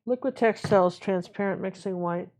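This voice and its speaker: A woman's voice: medium pitch, moderate pace. Chatty woman teaching painting live. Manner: relaxed, chatty, talks to herself while working. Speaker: painting instructor.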